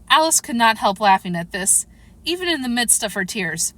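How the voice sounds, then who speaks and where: A woman narrating a children's storybook aloud in a gentle, even storytelling manner. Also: mid-range voice, normal speed.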